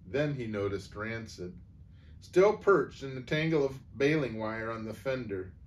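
A man reading a humorous story aloud with a lively, swinging pitch. He narrates at an even pace and slips into voices for each character. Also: unhurried. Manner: animated, voicing each character.

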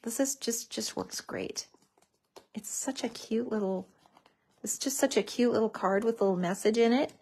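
A woman with a somewhat high voice talks through a craft project in a relaxed, chatty way. She gushes often, calling each piece cute as she glues and folds. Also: moderate pace, husky. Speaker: craft tutorial host. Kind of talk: casual craft demonstration.

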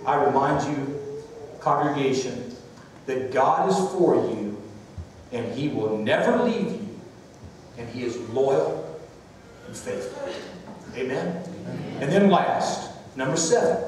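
A man's voice: medium pitch, animated, slow pace, pauses often, a little mellow, slight background noise. A male pastor preaching a sermon. He tells stories and calls out to the congregation for amens. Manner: storytelling and preaching, calling for amens. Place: church sanctuary. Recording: echoey church hall, distant mic.

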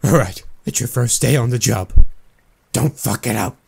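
A man giving jokey let's-play commentary, excitable and breaking into sudden high yelps. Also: normal speed, creaky, a little hiss or hum. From Australia. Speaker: gaming YouTuber.

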